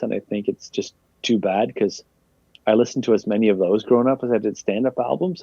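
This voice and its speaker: Low, mellow-voiced laid-back comedian. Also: male voice, breathy edge, dry recording. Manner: rambling, laid-back, lots of "like" fillers. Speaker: guest comedian. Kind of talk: casual interview chat. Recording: dull lo-fi dry sound.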